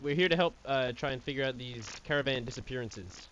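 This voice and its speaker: A man's voice: mid-range voice, quick pace, a bit bright, lo-fi sound. A young man speaking as a player in a tabletop game, polite and hesitant with many fillers.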